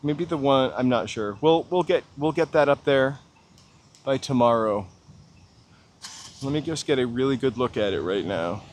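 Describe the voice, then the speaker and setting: A man's voice: medium pitch, animated, moderate pace, pauses often. A middle-aged man hosting a casual walking live-stream outdoors, chatting to viewers with joking, self-deprecating asides. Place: outdoors on downtown city streets and through tunnels. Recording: faint city street noise. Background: city traffic ambience.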